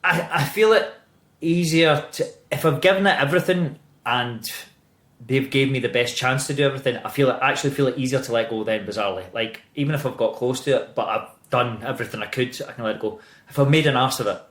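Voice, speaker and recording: A Scottish man in his thirties, talking in a middle pitch and a lively, profane way. His voice carries a roomy echo, as if the room has bare walls. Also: quick pace. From Scotland. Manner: animated, swears freely, laughs while telling stories. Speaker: actor guest. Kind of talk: casual interview chat.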